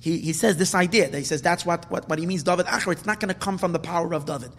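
A man teaching a Talmud class with a somewhat high, husky voice. He explains patiently, circling back over his words, then pushes into emphatic bursts. The sound carries a long hall reverb. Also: fast, fairly bright tone. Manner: explanatory, repeats and restarts, builds to emphatic bursts. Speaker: Torah teacher.

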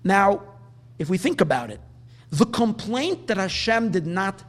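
A man teaching a Talmudic lecture, explaining the text and drawing out the Hebrew quotes slowly. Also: high voice, lively intonation. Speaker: Torah teacher.

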